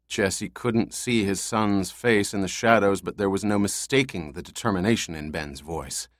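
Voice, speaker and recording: A man narrating an audiobook in a measured, steady way. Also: fairly low pitch, no room sound, studio quality. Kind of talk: scripted narration.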